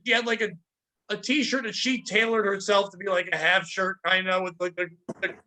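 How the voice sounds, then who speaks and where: Guy with a high bright voice, rambling animated story, jumps up for quotes. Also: brisk, rough recording. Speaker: podcast host. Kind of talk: casual storytelling chat.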